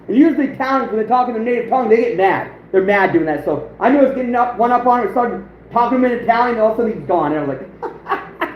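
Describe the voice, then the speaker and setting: A man's voice: extremely high pitch, lively intonation, fast. A man from the United States hosting an outdoors livestream, chatting casually in a rambling, boastful way and chuckling often. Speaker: outdoors channel host, livestreaming. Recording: roomy, dull lo-fi sound with faint noise.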